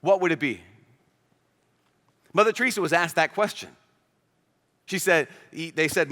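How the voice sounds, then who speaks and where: A man preaches to a youth conference in a lively storytelling style, slipping into the voices of the people he quotes. His voice is bright and a touch high for a man. It rings with the long reverb of a big hall. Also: a little slow, pauses often. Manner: animated storytelling, acts out quoted characters. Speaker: priest.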